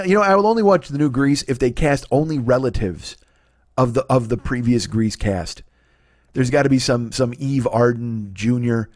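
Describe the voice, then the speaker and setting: A man's voice: medium pitch, darkish tone, no room sound. Middle-aged male podcast comic, profane stammering ranter, dry close mic. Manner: ranting, stammering restarts, sarcastic. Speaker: comedy podcast host. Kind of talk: profane comedic rant.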